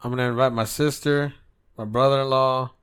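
A man hosting a podcast in casual chat, swearing a lot and animated, slipping into mocking impressions. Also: mid-range voice, fairly quick, smooth. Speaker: podcast host.

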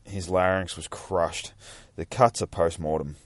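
A man reading as a somber low-voiced coroner. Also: steady tone, a little slow, no room sound. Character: grave male small-town coroner, calm and somber.

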